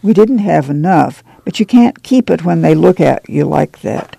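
Brief: male reader as a calm farm mother, patient and plain, gravelly and mellow. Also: a little high, normal speed, no echo, exaggerated voice. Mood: calm firm. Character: calm, steady mother of a poor family.

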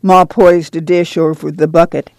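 A woman's voice: sits low, flat delivery, moderate pace, darkish tone, no echo. Woman narrating, dry close sound. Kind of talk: audiobook narration.

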